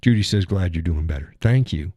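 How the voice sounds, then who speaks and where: A man with a deep, warm, husky voice and lively intonation talks fairly quickly in a dry recording. He hosts a live stream while recovering from a leg injury, reading viewer comments in casual chat and rambling through profane stories punctuated by chuckles.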